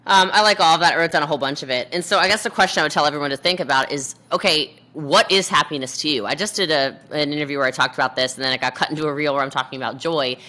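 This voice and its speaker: Woman, podcast guest, animated, bright tone, lowish pitch. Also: racing, hardly any pauses. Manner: animated, acts out quoted voices. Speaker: podcast guest, network marketer. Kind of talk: energetic interview talk.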